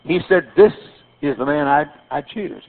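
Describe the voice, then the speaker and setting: Older male pastor, folksy sermon storyteller, high voice on a thin lo-fi recording. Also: normal speed. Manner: folksy storytelling with repetitions and stammered restarts. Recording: tinny phone-like sermon recording.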